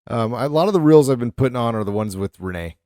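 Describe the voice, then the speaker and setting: A fast-talking middle-aged man with a medium-pitched voice co-hosts a podcast, telling lively, wandering stories crammed with fillers. There's no room sound, just a clean studio recording.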